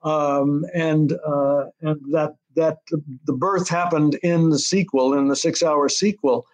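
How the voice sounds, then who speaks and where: A man's voice: a little high, fairly even intonation, slow pace. An older American man telling a story in an interview, rambling with many restarts and fillers. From United States. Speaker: TV writer-director being interviewed.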